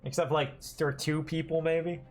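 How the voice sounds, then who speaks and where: A streamer chats casually over gameplay, thinking aloud in loose, hesitant runs full of restarts. The voice sits at a middling pitch, and faint music plays underneath. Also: flat delivery, a little slow, a little mellow. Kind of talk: casual live-stream commentary while playing a game.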